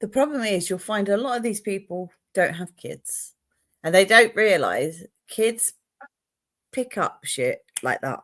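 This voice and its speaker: A woman's voice: mid-range voice, lively intonation, a little slow, a bit bright. A woman hosting a casual chat, retelling gossip and swearing freely. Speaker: podcast host.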